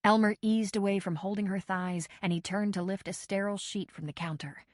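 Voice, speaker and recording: A woman reading a novel aloud as an audiobook narrator, steady and measured. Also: mid-range voice, no room sound, studio quality. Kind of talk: scripted narration.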